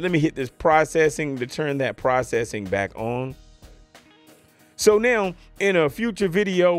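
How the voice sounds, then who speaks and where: A tech gear reviewer with a fairly high-pitched voice casually demos a new piece of audio gear from his home studio, talking into a USB podcast mic on his desk. He's playful and chatty, cracking jokes and repeatedly checking whether the listener is following him.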